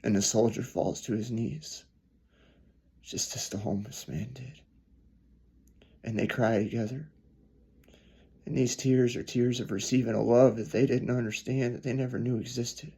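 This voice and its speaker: A man preaching a storytelling sermon, earnest, swelling louder then dropping soft. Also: medium pitch, steady tone, normal speed, vocal fry, pauses often, breathy edge.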